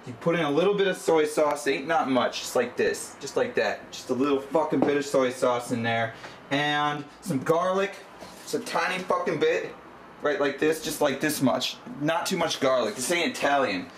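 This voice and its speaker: A man's voice: fairly high pitch, moderate pace. A young man hosting a crude comedic cooking demo, swearing constantly as he gives brash instructions. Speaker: cooking show host. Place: kitchen and backyard grill. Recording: echoey home video with background noise.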